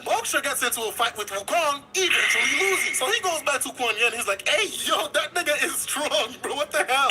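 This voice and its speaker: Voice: high-pitched, bright, forceful tone, rough recording. A channel narrator retelling an old myth as casual, slang-heavy comedy.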